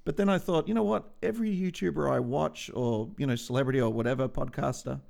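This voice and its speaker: A man in his forties chatting on his podcast, his voice low in the throat with a gravelly fry. He talks in a relaxed, offhand way, swearing freely and laughing often. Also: quick pace. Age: 40s. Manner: laid-back, swears freely, laughs easily. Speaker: podcast co-host. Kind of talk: casual podcast chat. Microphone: studio microphone.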